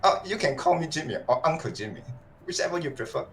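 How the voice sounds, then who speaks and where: A man's voice: fairly high pitch, animated, fast talker, voice pushed up. A man voicing a very old, traditional male doctor with a heavy Chinese accent, speaking in broken, clipped phrases in a tabletop role-play.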